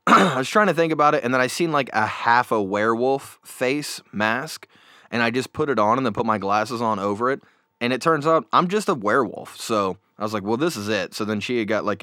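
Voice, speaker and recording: A man hosting a casual chat show, telling stories in a rambling, animated way with many fillers, close on a desk microphone. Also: lowish voice, dry recording. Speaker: podcast host. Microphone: new desk microphone.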